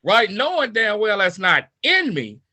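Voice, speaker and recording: Man, high and very bright voice, fired-up storyteller who acts out quotes. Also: huge pitch swings, a little slow. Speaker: participant in a coaching call. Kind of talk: personal story told to a group.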